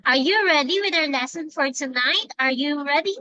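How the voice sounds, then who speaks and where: Woman English teacher on a video call, high bright voice, slow patient repeats, dry sound. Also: dry recording, muffled recording. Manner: slow, repetitive, encouraging prompts. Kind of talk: online English lesson for a child.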